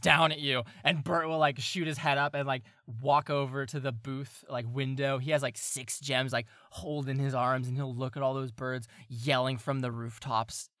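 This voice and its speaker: A man's voice: mid-range voice, flat delivery, normal speed, few pauses, fairly bright tone, no echo, clean studio sound. A man narrating as game master of a tabletop game, loose and chatty with lots of fillers.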